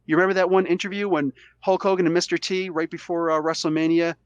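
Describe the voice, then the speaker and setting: A man hosting a podcast while sick with a cold, arguing his side in a casual, animated way and acting out quotes. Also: fairly high pitch, fast talker, clean tone, no room sound, dull audio. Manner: animated, argumentative, acts out quotes. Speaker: podcast host. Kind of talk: casual debate chat.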